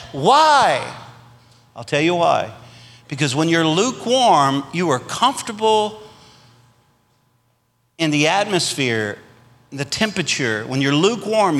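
A man with a Southern US accent preaching a storytelling revival sermon, swinging between loud punches and quiet asides. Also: a little high, in a large hall. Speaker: pastor.

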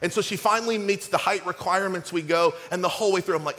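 A middle-aged man preaching a sermon, lively and conversational, acting out quotes in his stories, with a cold. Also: sits high, fast, hardly any pauses, long reverb tail. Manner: storytelling, animated and conversational, acts out quotes. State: has a cold. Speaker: pastor.

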